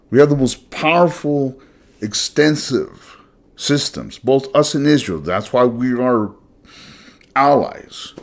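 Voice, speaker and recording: A man's voice: mid-range voice, animated, slow. A man hosting his own channel, delivering a blunt, profane solo monologue. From United States. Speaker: channel host.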